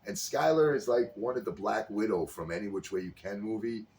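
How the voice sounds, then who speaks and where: Casting note: low-pitched man, lively storyteller who acts out every line of dialogue, recorded a bit far from the mic with faint noise behind. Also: brisk. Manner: animated storyteller acting out characters' lines. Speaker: podcast co-host. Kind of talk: casual chat, retelling a sitcom scene. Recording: slightly distant mic with faint background noise.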